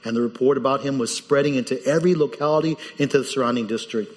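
A man preaching a sermon as the pastor, animated and lively, his voice jumping up when he quotes people in the story. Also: medium pitch, fast talker, long reverb tail.

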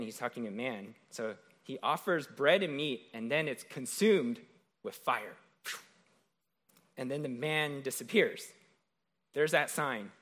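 A man's voice: mid-range voice, fairly bright tone. A man preaching a sermon in a conversational way, retelling a scripture story and often checking in with "right?".

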